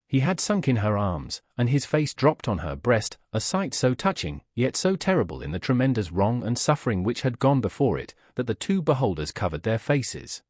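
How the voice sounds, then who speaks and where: A man narrating a classic novel as an audiobook with an expressive, measured reading. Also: mid-range voice, no room sound, studio quality. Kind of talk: scripted narration.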